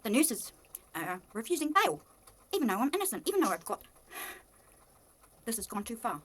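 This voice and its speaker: A woman's voice: sing-song, normal speed. Agitated woman with a New Zealand accent. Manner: agitated, accusatory, swings between low muttering and loud outbursts. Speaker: vlogger. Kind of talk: impassioned monologue to camera.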